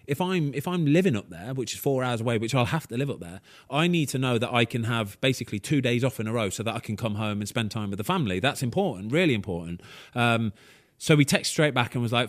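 Excitable man in a dry close recording. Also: medium pitch, fast, no echo. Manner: animated, excitable, swears, frequent "right?" and "um". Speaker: podcast host, former goalkeeper. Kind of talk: casual podcast storytelling.

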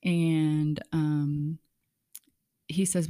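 A middle-aged woman hosting a podcast, telling family stories in a casual, animated way and acting out quotes. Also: low-pitched, slow. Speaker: podcast host. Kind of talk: casual chat.

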